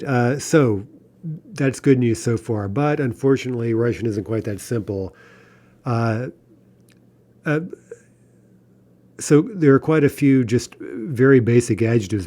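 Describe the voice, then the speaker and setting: A man teaching a recorded grammar lesson, explaining step by step, checking in with "right?" and reading example words slowly. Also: on the low side, warm tone. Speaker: language teacher.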